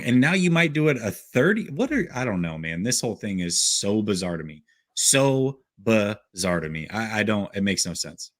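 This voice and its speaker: A man co-hosting a sports talk show, agreeable and chuckling as he adds his own points. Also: mid-range voice. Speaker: podcast co-host.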